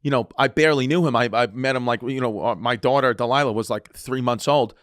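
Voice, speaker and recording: A man's voice: mid-range voice, steady tone, fast talker, a bit bright, no room sound, clean studio sound. A man telling a comic story in casual talk, rambling, swearing and laughing as he goes. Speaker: comedian guest.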